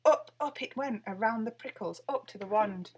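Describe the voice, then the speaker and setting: A woman reading a children's picture book aloud with lively, expressive storytelling. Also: fairly high pitch, normal speed, slightly rough. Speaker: storybook reader.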